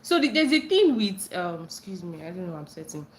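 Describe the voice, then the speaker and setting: A young Nigerian woman hosting a casual livestream, reading chat comments aloud and breaking into excited squeals when friends join. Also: fairly quick, a little hiss or hum. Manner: bubbly, bursts into high squeals greeting friends.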